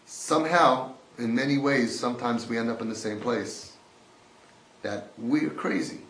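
A man teaching a sermon-style class, swinging from hushed to loud and mixing in Yiddish and Hebrew terms. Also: mid-range voice, measured pace. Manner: swings between hushed and shouting, acts out voices. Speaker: rabbi giving a Torah class. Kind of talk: impassioned sermon. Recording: echoey room.

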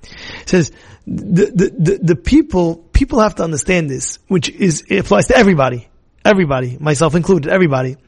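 A rabbi teaches a Torah lesson in a high, gravelly voice at a brisk pace. He's animated and keeps restarting his sentences, bursting into loud scolding voices to act out everyday scenes, excitable though warm in intent.

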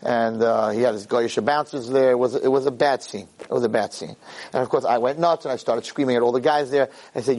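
A man's voice: medium pitch, a little fast, low-quality recording. A man giving a Torah lecture as a rabbi, telling stories in an emphatic, rambling way. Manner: animated, emphatic, rambling storyteller.

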